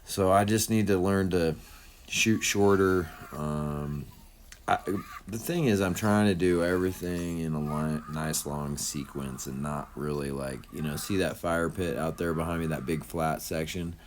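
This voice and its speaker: Very deep-voiced rambling man narrating. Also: fairly even intonation, unhurried, a little hiss or hum. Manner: rambling, laid-back, heavy on fillers like "you know" and "man". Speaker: RC crawler channel host. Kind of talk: casual voice-over commentary.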